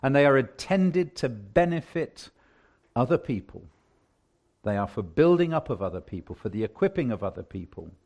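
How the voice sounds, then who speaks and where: A male preacher giving a sermon, with emphatic preaching that swings from hushed lines to loud declarations. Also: medium pitch, very animated, moderate pace.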